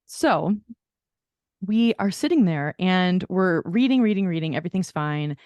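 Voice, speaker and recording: A woman's voice: on the low side, a little slow, no echo. Chatty woman telling a story, dry sound. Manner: animated storyteller who acts out quoted people. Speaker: podcast co-host. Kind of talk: casual storytelling chat.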